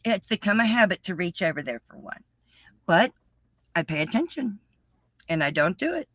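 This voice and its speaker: Fifties woman, livestream host, excitable and repetitive chatter, bright tone, muffled dry audio. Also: lowish voice, moderate pace, dry recording. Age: 50s. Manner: chatty, excitable, repeats herself. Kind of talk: casual live chat. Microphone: livestream setup.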